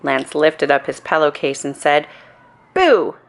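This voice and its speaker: A woman reading a bedtime story aloud, gentle and expressive. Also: low voice, measured pace. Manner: gentle and expressive, with playful voices. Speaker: storybook reader.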